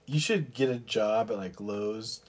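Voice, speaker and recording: A man's voice: on the low side, a little slow, husky. A young man co-hosting a podcast, talking bluntly and laid-back in casual chat. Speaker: podcast co-host.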